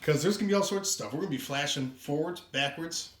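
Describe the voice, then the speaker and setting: A man's voice: a little high, fast, a loud crowd. A man co-hosting a comedy podcast, improvising a silly story in a playful, giggly and rambling way, in an echoey room. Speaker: podcast co-host. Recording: roomy echo, faint hiss.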